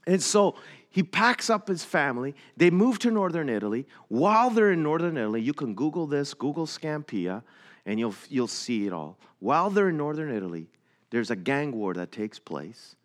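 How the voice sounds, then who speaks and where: A middle-aged man, a missionary preacher, telling a story in a sermon with slides, in an earnest way that climbs higher and louder as he gets into it. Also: sing-song, normal speed.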